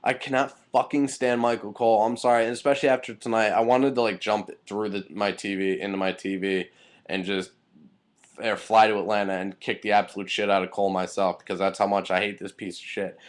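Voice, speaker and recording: A man's voice: on the low side, little pitch movement, a little fast. A young man giving a casual, heated recap of a wrestling show, angry and swearing freely.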